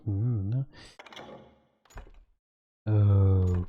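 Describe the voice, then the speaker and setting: A man's voice: fairly low pitch, lively intonation, quick pace, dark tone, a little hiss or hum. A man streaming a video game, muttering and reacting casually as he plays. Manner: mutters and reacts while playing. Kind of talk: casual gameplay commentary. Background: game music.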